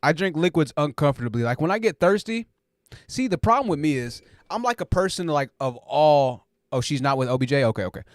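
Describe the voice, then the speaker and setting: A man's voice: fairly high pitch, expressive, fairly quick, no room sound, studio quality. A man hosting a casual live stream, joking and rambling and laughing often.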